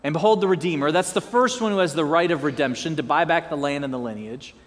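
A man's voice: a little high, fast, big-room sound. A man preaching a sermon as pastor, with joking asides and prompts for the congregation to repeat after him. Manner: lively, joking asides and call-and-response prompts.

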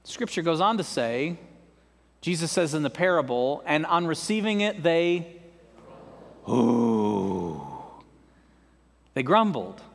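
In a church sanctuary with long hall reverb, a man with a fairly high, expressive voice preaches at a moderate pace. The pastor keeps things conversational and jokes with his listeners along the way.

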